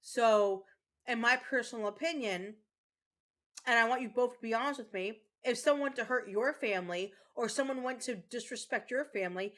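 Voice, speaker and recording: A woman with a somewhat high, slightly bright voice streams a game and angrily rants at her chat. She's a mother, and she swears and repeats herself in this casual gaming livestream talk.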